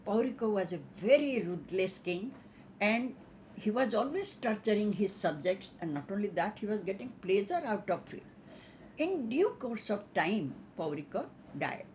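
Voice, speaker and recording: A woman storyteller telling a fable in an unhurried way, with many fillers and restarts. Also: mid-range voice, expressive, darkish tone, a little hiss or hum.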